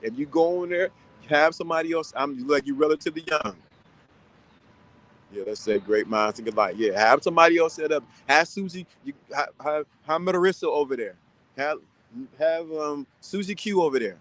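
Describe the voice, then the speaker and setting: A man's voice: on the high side, animated, normal speed, a bit bright, low-quality recording. A man giving casual advice to viewers, talking sternly and repeating his points with lots of restarts. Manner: rambling with many restarts.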